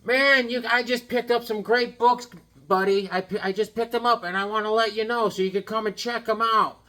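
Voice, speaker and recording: A man's voice: high voice, steady tone, normal speed, pushed and bright, pitched above the performer's own voice. A man putting on the voice of a friendly, eager male collectibles dealer who calls him buddy and pal.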